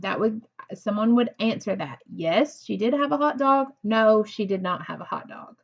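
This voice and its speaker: A woman's voice: medium pitch, creaky. Patient teacher woman, dull lo-fi sound. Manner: slow, patient, encouraging, asks questions to unseen pupils. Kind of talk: recorded classroom lesson for young children.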